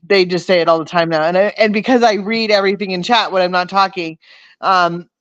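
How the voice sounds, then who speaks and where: A woman's voice: fairly low pitch, fairly even intonation, fairly quick, a bit bright, dry recording. A woman hosting her livestream in casual chat, telling rambling, meandering stories. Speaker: livestream host. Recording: dull, dry muffled stream audio.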